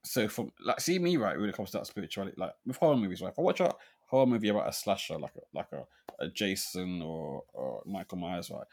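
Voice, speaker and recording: In a low, darkish voice that moves expressively, this podcast co-host chats casually and fast. He often restarts words with a stammer and ends lines with a frequent "right?".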